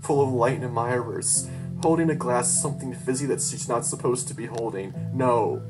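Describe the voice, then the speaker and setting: A narrator telling a first-person horror tale with raw, tearful emotion that breaks into frantic outbursts. The voice sits at a middling pitch, and clear guitar music plays steadily behind it. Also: brisk. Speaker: storyteller.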